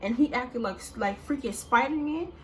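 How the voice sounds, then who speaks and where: A woman vlogger telling a casual storytime in an animated, slangy, rambling way, full of fillers. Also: on the high side, moderate pace, a little hiss or hum. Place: indoors, standing.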